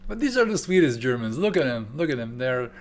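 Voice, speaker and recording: A man's voice: mid-range voice, sing-song, brisk. A man streaming live from a home setup, joking playfully and chatting with his viewers. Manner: playful, joking, mock German phrases. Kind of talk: casual livestream chat with viewers.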